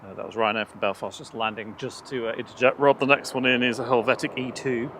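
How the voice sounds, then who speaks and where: Relaxed male co-host of a live stream, mid-range voice, outdoors, faint noise in the background. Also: mid-range voice, quick pace. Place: outdoors at an airport.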